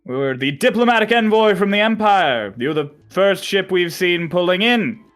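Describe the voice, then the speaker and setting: A man voicing an eager young envoy who gives loud, friendly, formal greetings. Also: sits high, expressive, moderate pace, soft background music, pitched above the performer's own voice. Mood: polite.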